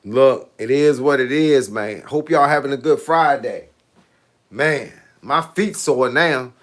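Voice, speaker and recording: With a medium-pitched, fairly bright voice and a slow pace, this middle-aged fitness coach casually talks with live-stream viewers. He stays laid-back, laughs often, and keeps saying "hey, look" and "bro."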